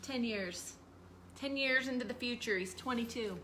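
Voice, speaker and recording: A woman co-hosting a casual talk, playing out an imagined scene and slowing to narrate it. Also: on the high side, noisy background. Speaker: podcast co-host. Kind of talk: casual chat.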